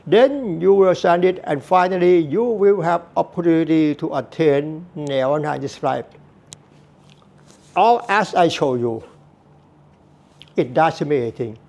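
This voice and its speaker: A man's voice: fairly high pitch, unhurried, vocal fry, long pauses, a little mellow. A man giving a Buddhist teaching talk, earnest and repetitive, with non-native phrasing. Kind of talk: slow spoken Dharma talk.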